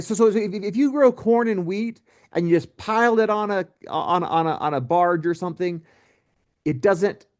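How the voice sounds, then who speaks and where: A male teacher talks through a recorded history lecture in a relaxed, joking way. His pitch moves a lot, rising and falling through every sentence. He keeps throwing in asides to his students.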